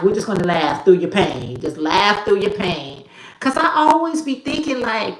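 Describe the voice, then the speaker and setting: A woman hosting a casual live chat, talking in an animated way, greeting viewers by name and laughing often. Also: on the low side, reverberant. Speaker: live stream host.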